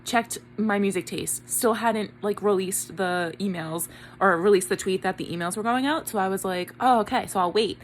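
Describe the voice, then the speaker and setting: A young woman chatting excitedly to camera in a casual home vlog. She swears a lot, rushes her words and fills them with likes and ums. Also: mid-range voice, slight background noise. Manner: excitable, swears a lot, talks fast with many fillers. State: shaky and tearful with excitement. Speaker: vlogger. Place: bedroom at home, early morning.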